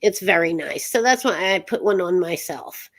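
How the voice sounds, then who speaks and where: A woman's voice: fairly low pitch, lively intonation, normal speed. A woman hosting an interview show, chatty and rambling, laughing often between remarks. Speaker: host. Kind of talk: casual chat show interview.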